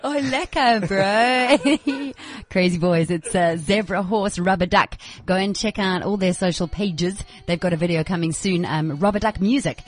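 A woman's voice: on the low side, steady tone, normal speed. A woman co-hosting a radio show, chatting playfully and laughing often. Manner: giggly, playful. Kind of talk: casual radio chat.

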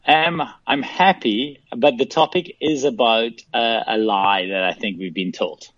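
A man calling in as a guest, telling a casual, animated story. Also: mid-range voice, unhurried, dry recording. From South Africa. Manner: animated, laughing anecdotes with acted-out quotes. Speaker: phone-in guest. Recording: dull phone line.

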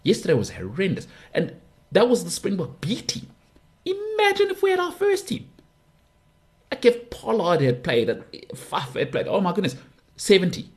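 A man hosting his own podcast, talking sport in a casual, opinionated, rambling monologue with big jumps in pitch. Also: huge pitch swings, normal speed. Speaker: podcast host.

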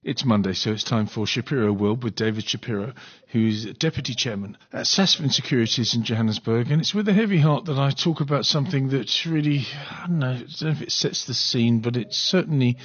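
Husky-voiced male host. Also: medium pitch, brisk, hardly any pauses, fairly bright tone. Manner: earnest, emotional. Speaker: radio podcast host. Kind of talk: conversational radio interview. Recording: dull lo-fi audio.

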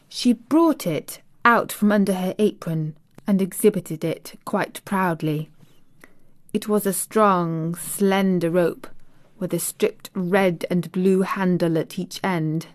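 A woman reading a classic children's novel aloud in a measured audiobook narration. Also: on the low side, no echo, studio quality. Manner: slow, measured. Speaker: audiobook reader.

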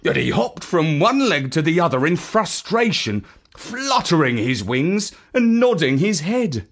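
A woman reading a children's story aloud in an expressive storytelling manner. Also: sits low, measured pace.

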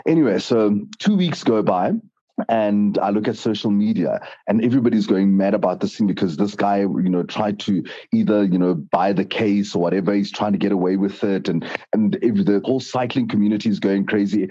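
A man hosting a casual interview, telling stories in an animated, rambling way. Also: lowish voice, a little fast, breathy edge, highs cut off. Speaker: host.

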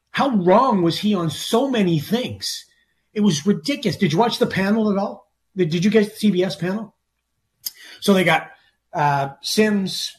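Casting: middle-aged male sports radio co-host, emphatic ranter, a touch higher-pitched voice. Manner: emphatic, ranting, repeats himself. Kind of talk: opinionated sports talk.

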